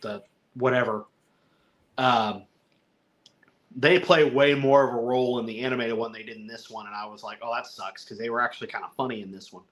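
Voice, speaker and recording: A man with a bright, forceful voice talks loosely through a film, rambling and chuckling as he goes. He slips into little put-on voices to act out lines, then drops back into easy chat at a middle pitch. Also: steady tone, a little fast, long pauses. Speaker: podcast co-host reviewing a film. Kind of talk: casual chat.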